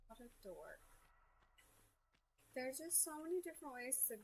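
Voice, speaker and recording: A woman's voice: high voice, very animated, moderate pace, a little hiss or hum. A woman in voice chat, talking casually and giggling at herself.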